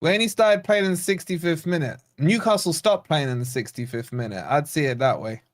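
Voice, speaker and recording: A man with a fairly high pitch, speaking a little fast, hosts a live football watch-along for a fan channel. He is blunt and sarcastic, letting off steam about his team while the match plays out.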